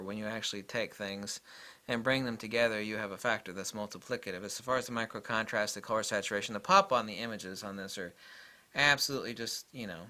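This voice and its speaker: A man's voice: fairly low pitch, bright, forceful tone. A man giving a rambling, enthusiastic camera review in a casual way, full of fillers and restarts.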